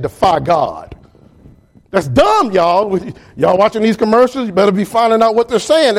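A man preaching a sermon as pastor, talking straight to his congregation in an animated way. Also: on the high side, husky, poor audio.

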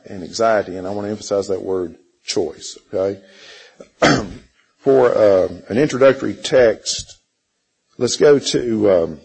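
A middle-aged man teaching a church Bible class, halting, with many fillers and frequent throat clearing. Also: fairly low pitch, darkish tone, low-quality recording.

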